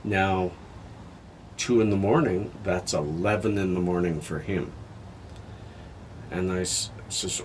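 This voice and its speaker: An older man talking candidly in a personal vlog, halting and heartfelt, sounding tired and emotional. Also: low voice, slight background noise. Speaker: health vlogger.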